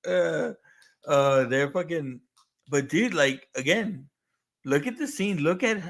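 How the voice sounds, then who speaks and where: A man's voice: on the high side, unhurried. A man co-hosting a casual movie podcast, swearing freely, laughing a lot and rambling loosely. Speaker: podcast co-host.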